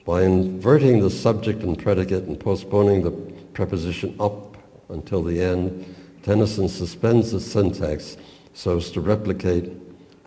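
A man lecturing on expressive poetry reading, with measured, deliberate and precise academic diction. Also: low-pitched, long reverb tail.

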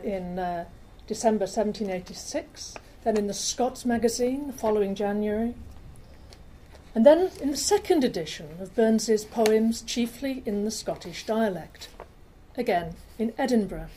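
Woman, lecturer, slide talk, warm mellow voice, chatty with self-corrections, faint room noise. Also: medium pitch, poor audio. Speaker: lecturer on rare books.

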